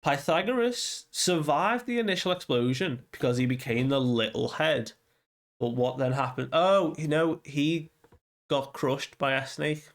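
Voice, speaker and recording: In a fairly high, slightly slow voice, a young manga reviewer wanders through a summary of a comic chapter. He paraphrases what the characters say and leans heavily on filler words.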